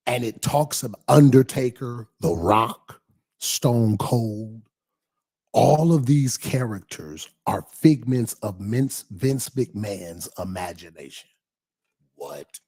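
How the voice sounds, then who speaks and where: A man hosting a pastor's livestream in a casual, animated way, repeating phrases and reading viewer comments aloud. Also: medium pitch, takes it slowly, slightly rough.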